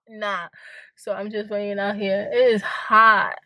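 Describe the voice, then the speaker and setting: A young woman's bright, forceful, mid-range voice carries a level tone and measured pace in this dry recording. She's vlogging in casual chat from her parked car outdoors on a hot day, sounding tired, yawning, laughing frequently, and leaning on many fillers.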